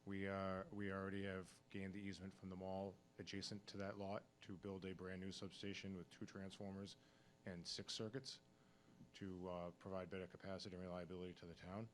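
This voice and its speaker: A man's voice: low voice, little pitch movement, fairly quick, a little hiss or hum. A man explaining a utility project at a town meeting, his voice cracking a little from a cold, plain and technical with many fillers. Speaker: town engineering director. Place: town hall meeting room.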